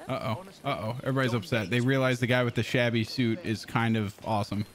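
A young man casually commenting on his gameplay as a streamer, excitable and swearing often. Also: medium pitch, quick pace.

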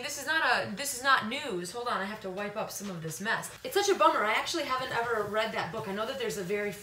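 A woman's voice: medium pitch, fairly bright tone, roomy sound, a little hiss or hum, low-quality recording. A woman in her thirties vlogging casually from her home kitchen, chatty and jokey, slipping into silly sung bits. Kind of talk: casual vlog chat. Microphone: camera on a tripod.

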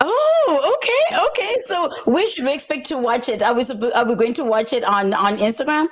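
A woman's voice: a little high, lively intonation, fast talker. A woman hosting an online radio interview, upbeat and hyping her guest in casual chat. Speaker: radio host.

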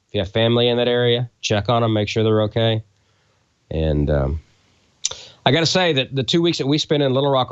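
A middle-aged man from South Louisiana, a co-host telling a heartfelt story, earnest and halting with many fillers. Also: on the low side, dry recording, lo-fi sound. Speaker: show co-host.

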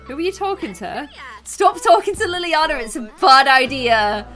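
A woman's voice: high-pitched, expressive, moderate pace, a bit bright, soft background music. A woman giving playful, dramatic commentary over a video game and often breaking into laughter. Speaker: gaming video host.

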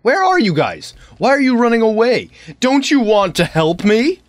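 A man playing a horror maze game, excitably chattering to the game's keys and locks with silly banter and sudden yelps. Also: very high voice, normal speed, dry recording. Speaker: let's play gamer. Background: game music.

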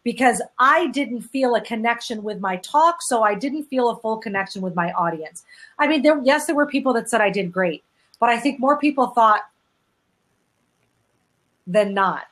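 A woman's voice: on the high side, animated, moderate pace, fairly bright tone. A woman hosting a panel discussion, talking in an encouraging and reflective way. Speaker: host.

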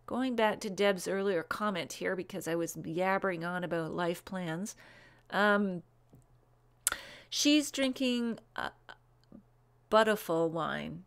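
A woman hosting a live online wine show, chatting casually, reading out viewer comments and gushing over wines with lots of "um"s and quick asides. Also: on the low side, clear, resonant tone. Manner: gushing over wines, rattling off names and tasting notes.

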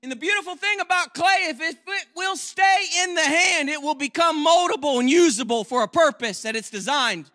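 Preaching from the pulpit as a guest, this man gives a fervent sermon in a very high, ringing voice that builds into shouting. Brief, hushed jokes slip in between. Throughout, the sound of his voice stays bright and sharp-edged.

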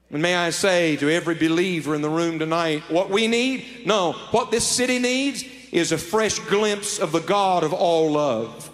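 A male evangelist preaching a sermon in a large meeting hall, shifting between hushed storytelling and loud, impassioned appeals. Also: on the high side, moderate pace, hardly any pauses. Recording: long hall reverb.

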